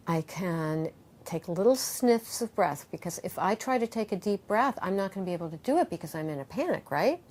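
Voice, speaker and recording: Animated middle-aged woman teaching yoga. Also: on the low side, a little fast, slight background noise. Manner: animated, acts out quoted voices, guides breathing. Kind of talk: conversational interview, guiding exercises.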